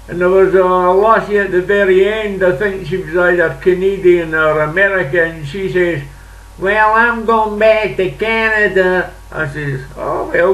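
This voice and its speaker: Older scottish guy telling a long rambling story, highish voice, echoey room, mic a bit far off. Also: a bit bright. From Scotland. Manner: rambling, chatty, with dialect words. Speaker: vlogger. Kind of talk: casual storytelling monologue.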